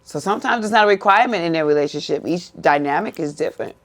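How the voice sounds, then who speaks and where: A podcast co-host chatting casually and recounting anecdotes, pausing now and then on fillers. The voice sits at an ordinary, middle pitch. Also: animated, fairly bright tone. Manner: conversational, telling stories with hesitant fillers.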